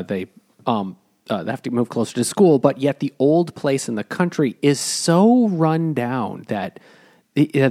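A man's voice: mid-range voice, a little mellow. A man co-hosting a podcast, recapping a novel's plot in casual chat with lots of fillers and restarts. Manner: rambling plot summary with fillers. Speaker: podcast co-host. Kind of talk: casual book club chat.

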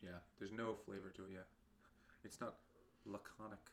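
A man's voice: lowish voice, level tone, normal speed, gravelly, background noise. A young man co-hosting a podcast, chatting casually and crudely about a book, often laughing and acting out scenes. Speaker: podcast co-host.

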